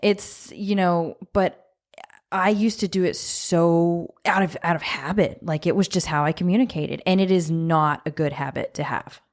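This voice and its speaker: Frank low-voiced woman co-host. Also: normal speed. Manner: candid, frank. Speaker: podcast co-host. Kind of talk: casual conversation.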